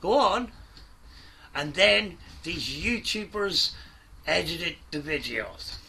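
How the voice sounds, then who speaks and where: A man's voice: a little high, expressive, slow, gravelly, pushed and bright, slight background noise. A man doing an angry, sweary reaction commentary, mocking and ranting at the video he watches. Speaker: commentary YouTuber.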